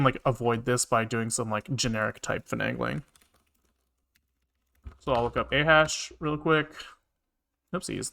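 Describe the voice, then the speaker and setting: A man live-streams his programming, thinking aloud and muttering to himself with casual swearing. His medium-pitched voice sounds creaky and sharp, and keyboard typing and clicking carry on behind him.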